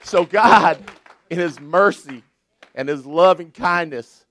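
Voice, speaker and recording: An older man preaching a sermon, animated and exclaiming with laughter and praise. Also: on the high side, takes it slowly.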